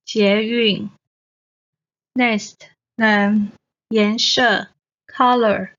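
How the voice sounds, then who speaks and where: A woman's voice: on the high side, steady tone, extremely slow. A woman from Taiwan teaching Mandarin pronunciation, repeating each word twice with careful enunciation. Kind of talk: slow, deliberate pronunciation lesson. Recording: dull, muffled lo-fi recording.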